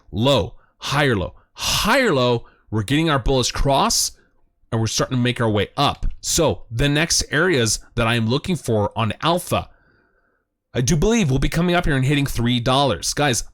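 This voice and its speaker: A man hosting a crypto chart show, giving excited commentary, hyped and emphatic, repeating phrases and jumping up in pitch when thrilled. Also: dry recording, studio quality. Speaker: crypto chart analyst host.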